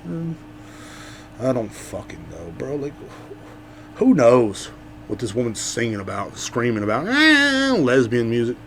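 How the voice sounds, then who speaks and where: A man hosting his own podcast in a casual comedic monologue. He rambles and swears, swinging between loud outbursts and low mutters. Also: wildly swooping pitch, a little slow, a little hiss or hum. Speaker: podcast host.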